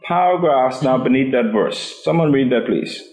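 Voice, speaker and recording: A man's voice: medium pitch, animated, moderate pace, darkish tone, roomy sound, rough recording. A man leading a Bible study class, asking the group questions and often repeating his words.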